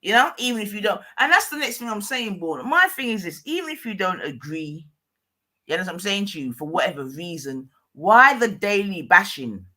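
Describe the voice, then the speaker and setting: Bright, rambling voice full of fillers. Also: medium pitch, sing-song, moderate pace. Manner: rambling, fills with "you know what I mean". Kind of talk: casual chat.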